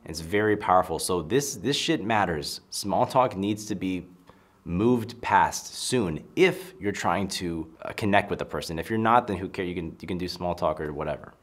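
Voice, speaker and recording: Low-voiced man coaching social skills. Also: animated, normal speed. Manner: emphatic, acts out example lines. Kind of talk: casual advice talk to camera.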